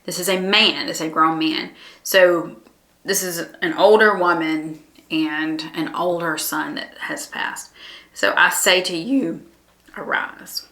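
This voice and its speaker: A woman's voice: low-pitched, steady tone, takes it slowly, fairly bright tone, roomy sound. Earnest woman teaching a Bible lesson. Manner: earnest, reflective, with frequent ums and restarts.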